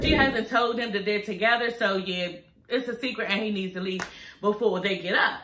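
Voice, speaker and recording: Woman vlogger, sassy and chatty, a bit high and bright, in an echoey room. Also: fast talker. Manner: sassy, chatty, talks straight to viewers. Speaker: TV recap vlogger. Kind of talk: casual TV episode review vlog.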